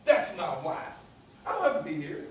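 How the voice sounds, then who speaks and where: Speaking at an ordinary speed, this motivational speaker has a slightly high voice with big swings in pitch and a rural American country accent, and he stutters and repeats himself as he addresses a live crowd. The recording carries a little hiss or hum, and the very echoey event space leaves his voice distant from the microphone.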